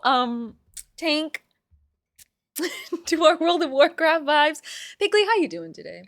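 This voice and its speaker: A young woman streaming a game and chatting casually with viewers, loud and playful, swinging from yelling to soft asides. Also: high voice, expressive, unhurried, faint music behind.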